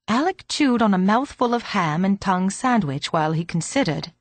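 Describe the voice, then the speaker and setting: A woman narrating an audiobook in a steady, measured reading. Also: medium pitch, no echo. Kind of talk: scripted narration.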